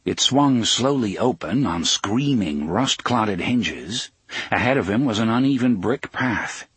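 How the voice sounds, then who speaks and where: A man narrating an audiobook in a measured storytelling manner, often slowing down for suspense. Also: lowish voice, expressive, fairly bright tone, breathy edge, dry recording. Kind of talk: scripted narration.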